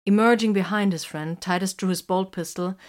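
A woman reading a story aloud as its narrator, in a measured, even storytelling manner. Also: medium pitch. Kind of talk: scripted narration.

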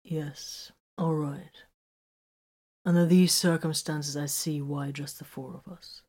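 Woman reader voicing an earnest male sergeant, low voice, slow and deliberate. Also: steady tone, darkish tone. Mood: thoughtful. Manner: measured, deliberate, concerned.

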